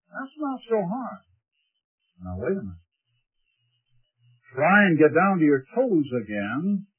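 A preacher teaching a class on speaking, animated and asking his listeners rhetorical questions as he demonstrates breathing. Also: fairly high pitch, husky. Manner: demonstrates breathing and emphasis aloud. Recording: tinny lo-fi tape recording.

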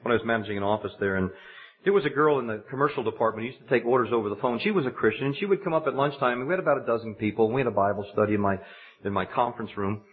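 A man preaching a sermon, telling a personal story and building to high, emphatic exhortation. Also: racing. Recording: dull lo-fi recording.

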